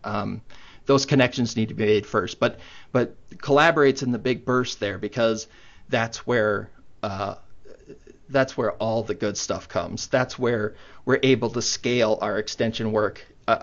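The webinar comes through muffled online meeting audio from a computer mic on a video call. The presenter, a man with a fairly low, steady voice, keeps a moderate pace and talks conversationally, using plenty of fillers.

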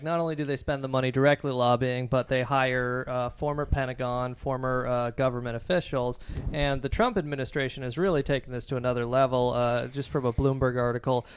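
A man's voice: mid-range voice, clear, resonant tone, no echo. A man co-hosting a podcast, hesitant with many fillers as he reads from news articles. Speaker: podcast co-host. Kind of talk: casual podcast discussion.

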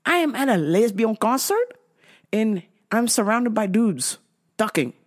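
A woman's voice: a little high, a little slow. A woman hosting her own show, telling a casual story with lots of swearing and laughter. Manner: animated, profane, laughs often. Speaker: podcast host.

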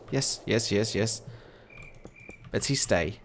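A man's voice: mid-range voice, animated, unhurried, pauses often, slight background noise. A young man commentating his own gameplay, chatty and coaxing animals along, growing easily exasperated. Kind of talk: let's play commentary.

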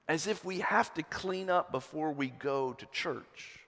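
Man, pastor, sermon, impassioned, loud peaks and hushed lows, fairly high voice, long church reverb. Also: unhurried, few pauses. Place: church sanctuary.

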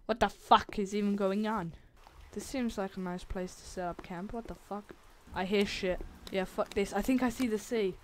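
This woman's voice is medium in pitch and darkish, with a steady tone, a moderate pace and a little hiss or hum. As a gaming channel host narrating her horror survival playthrough, she's jumpy, swears a lot and shrieks when startled.

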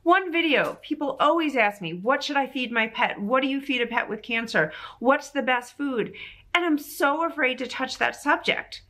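A bright, somewhat high-pitched woman in her forties talks straight to camera as a veterinary specialist. She is emphatic and exasperated, repeating phrases to drive her points home. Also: expressive, normal speed. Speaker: veterinary oncologist vlogger. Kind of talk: frustrated vlog monologue to camera.

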